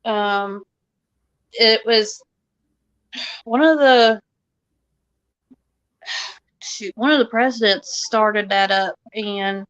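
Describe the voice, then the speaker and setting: A woman with a Southern Missouri drawl talks in a slow, folksy way as a guest. Her voice is higher than most and bright. The sound is dry and a little muffled, like a home webcam stream. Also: clean tone, no room sound. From Missouri, Ozarks. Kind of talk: casual chat.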